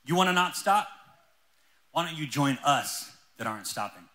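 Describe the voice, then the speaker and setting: A male pastor preaching a sermon in a church, telling stories with lively energy. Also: fairly high pitch, moderate pace, a little hiss or hum, poor audio. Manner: energetic, animated storytelling.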